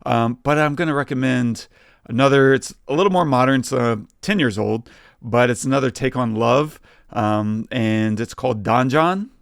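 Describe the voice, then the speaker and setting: Gravelly-voiced man chatting casually. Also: mid-range voice, normal speed, no room sound, studio quality. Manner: relaxed, lots of fillers and laughs. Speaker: podcast co-host. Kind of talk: casual chat.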